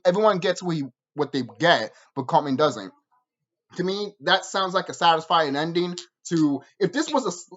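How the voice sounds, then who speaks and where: A woman's voice: mid-range voice, dull audio. A woman ranting in a review vlog, swearing freely, with lots of fillers and restarts. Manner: animated, profane ranting with many fillers and restarts. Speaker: show reviewer.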